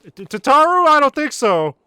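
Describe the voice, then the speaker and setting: A man's voice: extremely high pitch, sing-song, moderate pace, sharp tone, dry recording. A man streaming a video game, commenting casually with sarcasm and lots of swearing.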